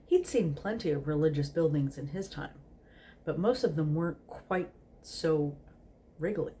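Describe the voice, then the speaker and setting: Tipsy woman host, low voice, slow casual reading that trips over words. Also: mellow, slight background noise. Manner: giggly, stumbling over words.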